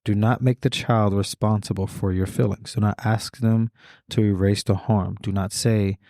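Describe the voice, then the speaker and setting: A middle-aged man with a fairly low, warm, dark-toned voice delivers a reflective podcast monologue. His cadence is measured and deliberate, with repetitive phrasing and slow emphatic pauses. The sound is dry and close, as if from a studio mic. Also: fairly even intonation, no room sound. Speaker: podcast host.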